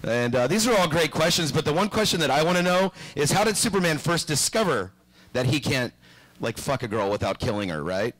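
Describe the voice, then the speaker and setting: A young man doing a stand-up set on a small club stage, deadpan, then bursting into shouted voices. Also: on the high side, brisk, poor audio. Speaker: stand-up comedian.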